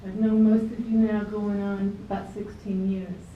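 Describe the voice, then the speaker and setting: A woman's voice: medium pitch, level tone, normal speed, slight background noise. Nervous woman speaking in an echoey hall. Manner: earnest, grateful, a bit nervous. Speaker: widow giving a eulogy. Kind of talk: prepared speech at a memorial. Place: club hall, speaking to a seated crowd. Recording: roomy, distant, dull amateur video.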